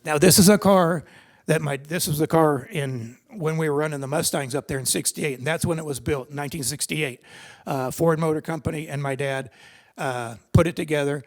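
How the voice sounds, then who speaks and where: An older man with a slightly high voice talks fairly quickly in a seminar hall. He tells personal racing stories, rambling conversationally and restarting often.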